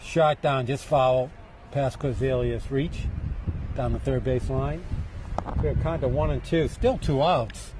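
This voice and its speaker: A man with a New England accent calls a local softball game, easy and chatty between pitches. His voice sits in a middling range. Faint outdoor noise hums behind him. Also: slow. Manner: relaxed, chatty, jokes with booth partner. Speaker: play-by-play announcer.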